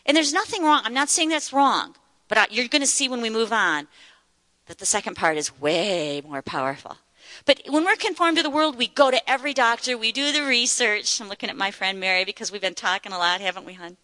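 A woman's voice: on the high side, fairly quick, bright, forceful tone, no echo, long reverb tail. A woman giving an earnest sermon-style Bible teaching at a church meeting, repeating words for emphasis.

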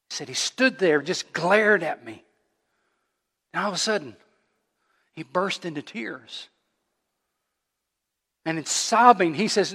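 Preacher in a reverberant sanctuary, man. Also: unhurried. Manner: storytelling preacher, climbing louder and higher at emotional peaks. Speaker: pastor. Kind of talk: sermon.

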